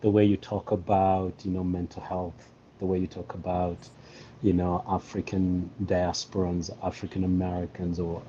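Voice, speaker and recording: A man's voice: sits low, monotone, normal speed, mellow. A man calling in to a live video chat, speaking hesitantly with plenty of fillers. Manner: hesitant, full of "you know" and "um". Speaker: guest caller. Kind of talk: casual conversation on a live video call. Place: at home in Colorado. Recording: muffled call audio with faint noise.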